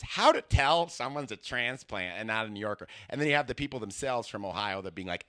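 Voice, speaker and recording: A man's voice: mid-range voice, big pitch swings, normal speed, fairly bright tone, dry recording, studio quality. A man who is a comedian hosting his own podcast, rambling through a comic monologue with lots of fillers and restarts. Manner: rambling, self-mocking, many fillers and restarts.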